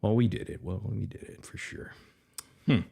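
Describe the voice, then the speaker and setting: A man hosting a livestream in a casual, mocking style, sarcastic and quick to laugh, and out of breath. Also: on the low side, vocal fry, warm tone, breathy edge. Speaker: livestream commentary host.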